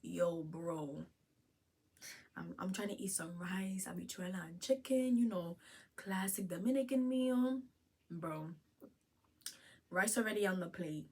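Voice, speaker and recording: A young woman vlogger telling a storytime with slang and profanity, laughing often, jumping from loud outbursts to hushed asides. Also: lowish voice, a little slow, pauses often, slightly rough. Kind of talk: storytime vlog.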